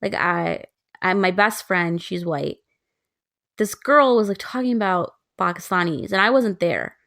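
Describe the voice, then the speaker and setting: A woman in her twenties, a podcast co-host, telling stories in casual chat, animated and laughing often. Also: fairly low pitch, measured pace, creaky, no echo, studio quality.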